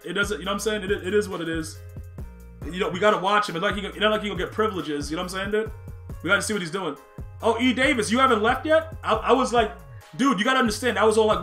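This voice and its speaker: Soft background music accompanies a young gaming streamer as he commentates a football video game live, chatting with viewers. When excitement hits, he repeats himself, his voice high and bright.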